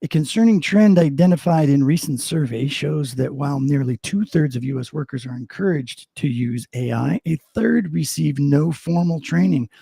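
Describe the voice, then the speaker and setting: Chatty man with a dark, dry voice. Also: a little high, lively intonation, normal speed, creaky, few pauses, husky, no room sound. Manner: rambling, many fillers and restarts; mock news-anchor delivery for headlines. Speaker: co-host of a live show. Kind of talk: casual live-stream chat.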